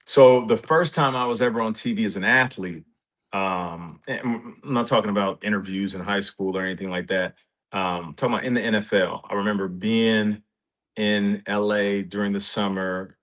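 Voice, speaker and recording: A man in his forties, a guest in an interview, telling stories in a casual, animated way and acting out what others said. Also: normal speed. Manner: animated, rises in pitch when excited, quotes others in dialogue. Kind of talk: casual storytelling. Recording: dull lo-fi sound.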